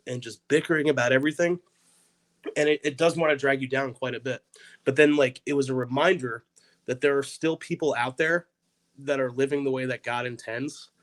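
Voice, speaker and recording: A man's voice: medium pitch, poor audio. A young man, a comedian guest on a podcast, telling a story in a rambling way with many "like"s. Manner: rambling, heavy use of "like".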